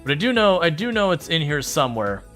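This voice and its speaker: A man's voice: a little high, very animated, fast talker, fairly bright tone, faint music behind. A man streaming a farming game, chatting casually and rambling as he answers viewer questions. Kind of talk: casual livestream chat while playing a farming game.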